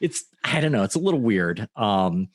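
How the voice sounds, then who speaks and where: Animated laughing male podcast host. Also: on the low side, normal speed, no room sound, studio quality. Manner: laughs often, animated, acts out quotes. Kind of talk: casual chat about a horror film.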